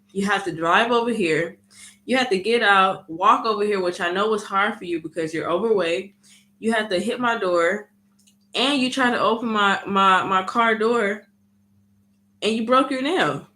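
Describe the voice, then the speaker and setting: Woman vlogger with a bright voice, lively storyteller who acts out the dialogue. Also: mid-range voice. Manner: animated storytelling, frequent "you know what I mean". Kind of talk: casual storytime vlog.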